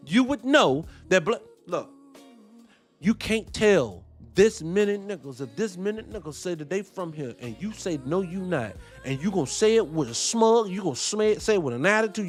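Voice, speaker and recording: A man hosting a show, reacting to a debate clip with animated, profane commentary and rhetorical questions. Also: high-pitched. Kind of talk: heated commentary.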